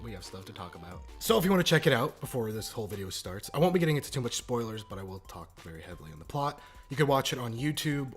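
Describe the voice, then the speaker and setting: A man hosting his own video channel, giving a casual spoken review that rambles and corrects itself, jumping from loud bursts to muttered asides. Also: medium pitch. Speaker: video game channel host. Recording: faint background music.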